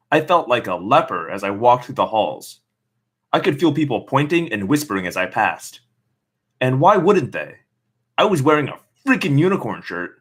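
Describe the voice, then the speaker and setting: A man reads a novel aloud, stopping often to mock the text in a lively, animated voice. His pitch sits in an ordinary middle range. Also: breathy edge. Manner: sarcastic comments on the text. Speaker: reader. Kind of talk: reading a novel aloud with asides.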